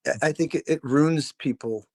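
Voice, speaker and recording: A man's voice: on the high side, normal speed, darkish tone, dry recording, studio quality. A middle-aged man, a drummer and podcast guest, telling stories casually in a rambling, profane, laid-back way with lots of fillers. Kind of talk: casual storytelling.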